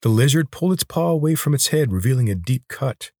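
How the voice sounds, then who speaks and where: A man with a husky voice narrating a novel in steady, measured storytelling. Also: mid-range voice, dry recording, studio quality. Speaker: audiobook narrator.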